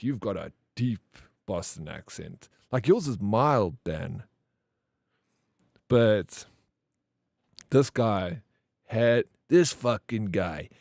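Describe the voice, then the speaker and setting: Low-voiced male streamer, rambly and laid-back, talks to chat like mates. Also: gravelly, a little mellow, dry recording, studio quality. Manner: chatty, rambling, talks to chat by name, says "bro". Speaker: game streamer. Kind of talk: casual live-stream commentary.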